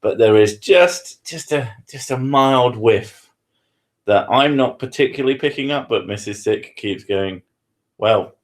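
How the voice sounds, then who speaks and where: A man's voice: medium pitch, a little slow. A man, hosting a live stream from his living room with crude, self-mocking banter. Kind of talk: casual live-stream chat.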